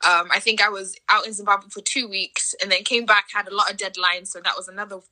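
Woman netball guest, bright clear tone, casual storyteller who laughs a lot. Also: mid-range voice, flat delivery, fast talker. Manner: chatty, laughs while telling stories. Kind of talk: casual podcast chat.

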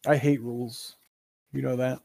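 A man's voice: medium pitch, flat delivery, moderate pace, vocal fry, mellow, no echo, studio quality. A man hosting a casual gaming podcast, rambling and joking and swearing freely. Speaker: podcast host.

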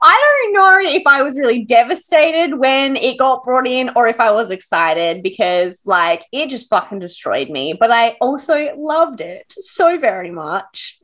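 Bright, lively woman gushing about a book. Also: mid-range voice. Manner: laughing, sweary and gushing. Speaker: podcast co-host. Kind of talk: casual book chat.

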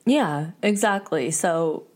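A young adult woman hosting a casual podcast, retelling scenes with lively quoted voices. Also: slow. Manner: animated retelling, quotes people in jumpy high voices. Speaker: podcast host. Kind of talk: casual recap chat.

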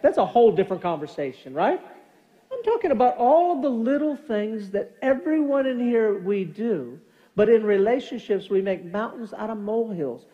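A middle-aged man preaching a sermon as pastor, telling animated family stories and acting out quoted lines. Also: sits high. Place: church sanctuary. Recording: long church hall reverb.

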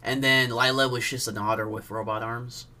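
Casting: young male podcast co-host, bright voice, excitable, foul-mouthed, animated retellings. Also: mid-range voice, moderate pace, slight background noise. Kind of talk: casual movie chat.

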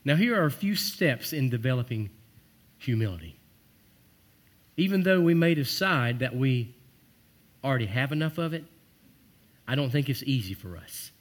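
Earnest preaching man, emphatic then hushed. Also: lively intonation, moderate pace, pauses often. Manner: earnest, emphatic, drops soft and low for heartfelt quoted words. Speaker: pastor. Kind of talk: sermon.

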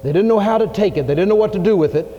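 A man preaching a folksy sermon, his voice swinging from loud to hushed. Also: high voice, very fast, soft background music. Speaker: pastor. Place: church sanctuary. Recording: lo-fi 1980s church tape with long reverb and faint hiss.

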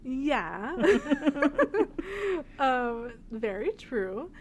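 A woman's voice: high-pitched, big pitch swings, drawn-out words. Young woman cohost rambling w lots of ums n likes, slight hiss behind. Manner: rambling, lots of fillers and laughs. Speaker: podcast co-host. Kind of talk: casual chat.

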